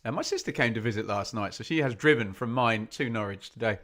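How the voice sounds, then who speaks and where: A man hosts a live football watch-along stream, reading out where his viewers are watching from. He talks in a chatty, self-deprecating way, and his voice sits at a middling pitch. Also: fast, a bit bright. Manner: chatty, self-deprecating, reads out chat messages.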